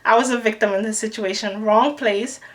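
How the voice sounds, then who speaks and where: A young woman in a storytime vlog, animated and acting out the people she quotes. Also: on the high side, normal speed. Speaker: vlogger. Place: New York City.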